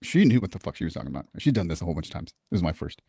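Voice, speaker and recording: Speaking rapid-fire in a deep voice with vocal fry and a breathy edge, this veteran recounts a story during a casual interview. He swears liberally, stays animated, and performs the quoted lines himself. The studio-quality audio has no echo.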